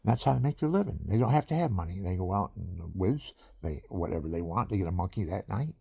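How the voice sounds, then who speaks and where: Man, older, gravelly, husky, dark mellow tone, rambling, whispery asides. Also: deep voice, animated, quick pace, no echo. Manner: meandering, repeats himself, drops to whispery asides. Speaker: musician vlogger. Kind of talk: rambling casual monologue.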